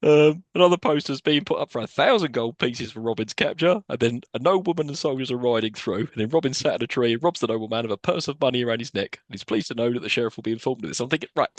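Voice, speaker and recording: Lively man recapping a film. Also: mid-range voice, dry recording. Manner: recaps scenes with quoted lines and laughter. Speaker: podcast co-host. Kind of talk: casual film recap chat.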